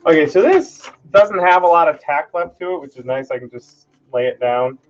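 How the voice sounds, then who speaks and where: Live-streaming from his home workshop, a man talks casually through his work, thinking aloud, chatting and joking at his own expense. His voice is a little high with lively intonation at a moderate pace, and the recording sounds muffled.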